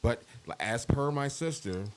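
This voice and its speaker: A middle-aged man talking on a podcast, heartfelt and halting, holding back tears as he speaks. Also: medium pitch, animated, smooth. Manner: heartfelt, profane, halting with restarts. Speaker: podcast co-host. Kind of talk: emotional casual podcast talk.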